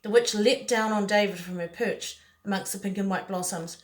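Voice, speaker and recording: A woman's voice: mid-range voice, moderate pace. A woman reading a picture book aloud, playful, with chatty asides to the listener. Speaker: storyteller.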